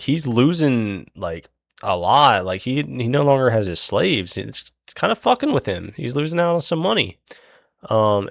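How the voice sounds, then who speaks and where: Young man, low gravelly voice, dry close sound; loose, swearing, filler-heavy plot recap. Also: dry recording. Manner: rambling, profane, many fillers. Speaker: book recap host. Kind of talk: casual plot retelling.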